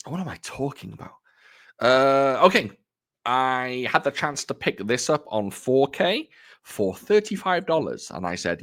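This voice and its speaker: A man talks casually at home, rambling and laughing at his own slips. His voice sits low, but his pitch leaps up and down with lively swings. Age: adult. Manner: rambling, chatty, self-deprecating. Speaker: film collector vlogger. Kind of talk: casual chat showing off purchases.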